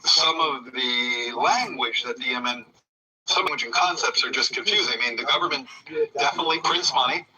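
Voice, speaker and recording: Hesitant man with a very bright tone. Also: mid-range voice, a little fast, slightly rough, far from the mic, poor audio. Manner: hesitant, many fillers and restarts.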